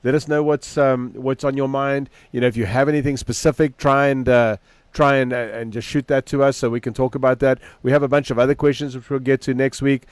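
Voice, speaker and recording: A middle-aged man co-hosts a casual dog-training podcast. He tells lively stories and acts out the voices of the people in them. His voice sits at a middling pitch and is recorded close and dry. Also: brisk, clear, resonant tone, dry recording. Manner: animated storyteller, acts out quoted people.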